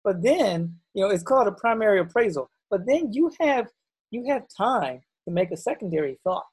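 A woman appearing as an expert guest on a talk show, calmly explaining a psychological point. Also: mid-range voice, normal speed, husky. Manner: calm, explanatory. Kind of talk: casual podcast chat.

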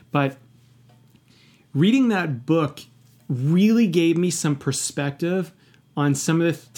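A man's voice: on the high side, darkish tone. A man talking candidly in a podcast conversation, passionate and emphatic, swearing often and reflecting earnestly on his own past.

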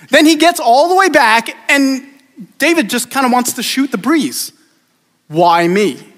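A man preaching a sermon in a relaxed, conversational way, acting out the people in the story. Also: extremely high pitch. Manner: casual, conversational preaching with acted-out voices. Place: church sanctuary. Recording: church hall reverb.

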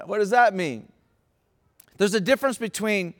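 A man preaching a sermon, passionate, moving from hushed tones to shouting. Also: high voice, expressive, a little slow. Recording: long reverb in a large hall.

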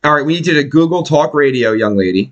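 A man hosting a podcast, talking in casual profane chat and slipping into quick impressions. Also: fairly high pitch, animated, muffled recording. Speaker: podcast host.

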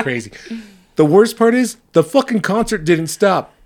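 A young man co-hosting a casual podcast, telling profane stories with lively impressions of the people in them. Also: high-pitched, moderate pace. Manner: profane storytelling, animated impressions. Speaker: podcast co-host. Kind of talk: casual chat.

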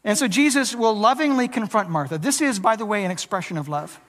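An earnest preacher delivers a sermon, stumbling into quick restarts and acting out quoted lines with a changed voice. The voice rings out through a church sanctuary with a long, trailing reverb. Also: medium pitch, animated, fairly bright tone. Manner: earnest, with frequent stammered restarts.

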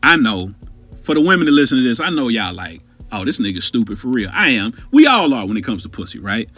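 A man with a husky, slightly breathy voice that swings widely up and down as he tells a story. He is animated and profane and speaks straight to his listeners as a podcast host. Faint music plays behind him. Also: mid-range voice, fast talker, dry recording.

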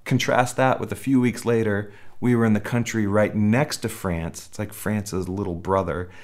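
A man's voice: lowish voice, fairly even intonation, normal speed. A man preaching a sermon in a conversational way, often restarting phrases and acting out little quotes. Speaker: pastor.

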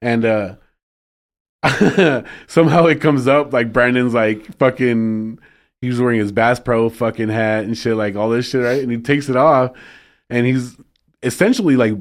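A man's voice: medium pitch, measured pace. A young man co-hosting a podcast in casual chat, laid-back and profane, laughing often as he tells stories. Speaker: podcast co-host.

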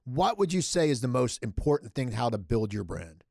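A man's voice: mid-range voice, big pitch swings, normal speed, vocal fry, a little mellow, no echo, studio quality. A male podcast host asking curious, loosely phrased questions. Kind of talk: interview questions.

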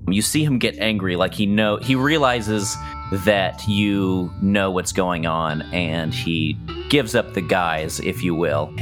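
A man narrating a tabletop role-playing game as game master, relaxed and joking. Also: low-pitched.

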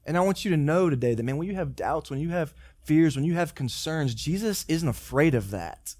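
Male pastor, slightly high voice, dry close sound, chatty sermon. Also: expressive, fairly quick, a little mellow, dry recording. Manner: casual, joking asides and acted-out dialogue. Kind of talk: conversational sermon.

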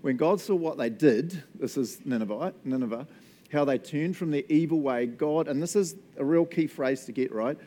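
A man's voice: fairly high pitch, moderate pace, warm tone. A young adult man with a New Zealand accent, preaching a casual, playful sermon as pastor and acting out customers in silly voices.

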